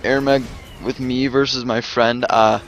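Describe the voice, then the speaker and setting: A man's voice: mid-range voice, level tone, measured pace, lo-fi sound, faint music behind. A man telling a casual storytime vlog, rambling with many fillers and restarts. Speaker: gaming vlogger.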